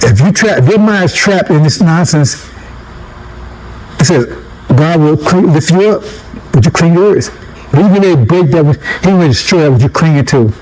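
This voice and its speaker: A man's voice: a little high, lively intonation, normal speed, a little mellow, rough recording. A man giving a casual street-style sermon, talking conversationally, repeating himself, chuckling and checking in with listeners with "right?". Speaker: preacher.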